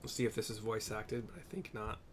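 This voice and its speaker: A man's voice: on the low side, a little fast. A man casually narrating and describing a game story, with chatty muttered asides. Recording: game music underneath.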